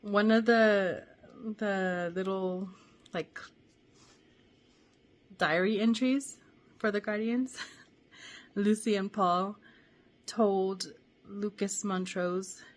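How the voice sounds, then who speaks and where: A woman's voice: mid-range voice, steady tone, extremely slow, long pauses. A woman hosting a book club, chatting casually and thinking aloud with enthusiasm.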